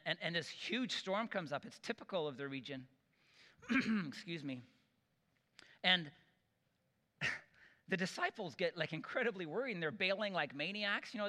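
A man preaching a sermon, telling stories and acting out the quoted voices with lively energy. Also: on the high side, in a large hall. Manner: animated storytelling with acted-out quotes.

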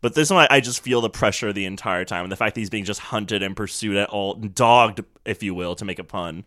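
A man's voice: on the low side, brisk, sharp tone, no echo, studio quality. A young man co-hosting a podcast, chatting casually and joking, acting out little scenes and puns. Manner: jokey, acts out scenes with silly voices and puns. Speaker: podcast co-host. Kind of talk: casual chat.

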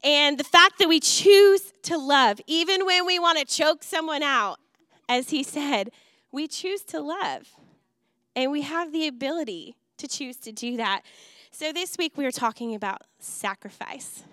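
Bright lively woman preaching. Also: high voice, unhurried, no room sound, studio quality. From Wisconsin. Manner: lively storytelling with laughs and acted quotes. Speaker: youth and missions pastor. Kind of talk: sermon. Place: church auditorium.

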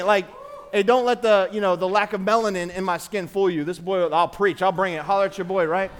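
High-voiced pastor preaching conversationally. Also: male voice, fairly even intonation, brisk. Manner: conversational preaching with call-and-response. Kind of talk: sermon. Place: church sanctuary.

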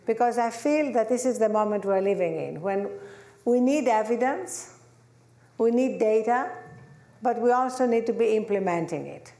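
A woman's voice: medium pitch, darkish tone. A woman from Greece with a Greek accent, giving a gracious, conversational public talk as the featured guest in a lecture hall.

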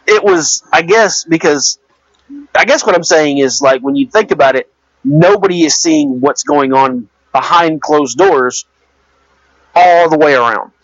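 A man's voice: on the high side, sing-song, measured pace, no room sound. Rambling, hesitant man in casual chat. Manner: rambling, hesitant, many restarts. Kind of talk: casual movie discussion. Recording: dull lo-fi dry recording.

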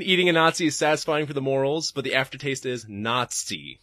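A man's voice: mid-range voice, expressive, brisk, hardly any pauses, pushed and bright, no echo, clean studio sound. A man hosting a podcast and reading live chat, talking casually and profanely and laughing often.

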